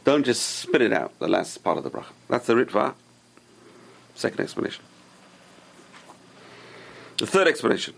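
A man's voice: medium pitch, very animated, normal speed, gravelly, pauses often, a bit bright, breathy edge. A man teaching an informal Torah class, explaining Hebrew sources and giving emphatic warnings.

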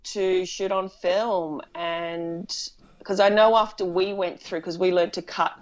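A woman's voice: on the low side, steady tone, a little slow, lo-fi sound. A woman film director, chatting animatedly in an interview and telling stories with laughs. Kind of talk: casual interview conversation.

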